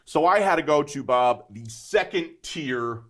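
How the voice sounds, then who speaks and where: A man in his fifties, a guest entrepreneur, telling his story in a casual, animated interview and often checking in with "right?". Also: on the high side, measured pace. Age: 50s. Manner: animated, emphatic, keeps adding "right?".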